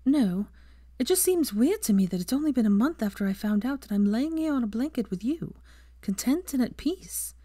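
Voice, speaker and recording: A woman voicing an earnest young adult witch who speaks softly, often near a whisper. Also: a little high, lively intonation, normal speed, no echo, studio quality, voice pushed up. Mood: wistful.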